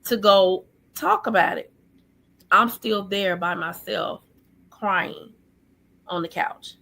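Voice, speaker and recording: A woman guest recounting her childhood in an earnest, halting way, full of fillers, over a video call. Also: mid-range voice, vocal fry, pushed and bright. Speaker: guest sharing her life story. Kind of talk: personal testimony in an interview.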